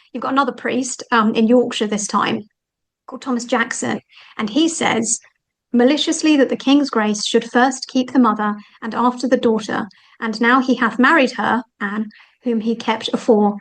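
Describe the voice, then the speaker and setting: A woman talking as the guest author in an interview, animated and thinking aloud with frequent fillers. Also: fairly high pitch, moderate pace, poor audio. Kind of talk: conversational interview.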